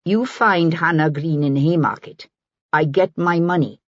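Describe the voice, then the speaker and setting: A woman's voice: low voice, unhurried, no echo, lo-fi sound. A woman voicing a guarded, mercenary young Jamaican woman with a Jamaican accent, speaking with contempt in an audiobook.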